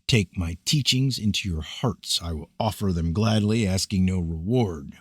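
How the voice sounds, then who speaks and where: A man with a deep voice reads an ancient scripture aloud, slow and grave like a prophet's address. His delivery is measured and declamatory. The sound is dry, with no room echo. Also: slightly rough. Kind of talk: solemn scripted reading of scripture.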